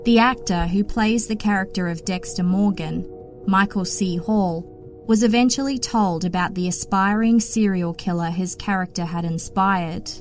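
A woman hosts a true-crime podcast, telling the case in a steady, matter-of-fact scripted narration. Her voice sits at a middle pitch, with soft music faintly behind it. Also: normal speed. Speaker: podcast host.

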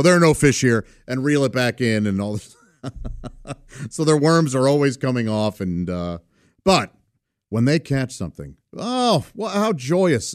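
Animated, chuckling middle-aged man. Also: on the high side, dry recording, clean studio sound. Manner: halting, full of "uh" fillers, chuckles often. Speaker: vlogger. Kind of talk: casual storytelling.

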